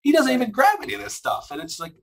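A man's voice: extremely high pitch, huge pitch swings, fast. A man co-hosting a podcast, talking casually and animatedly with lots of laughs and fillers. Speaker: podcast co-host. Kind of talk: casual chat reviewing a film.

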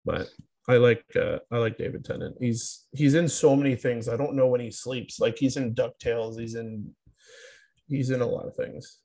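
A man's voice: mid-range voice, moderate pace, gravelly, darkish tone. A young man co-hosting a podcast in casual chat, rambling and loose. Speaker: podcast co-host.

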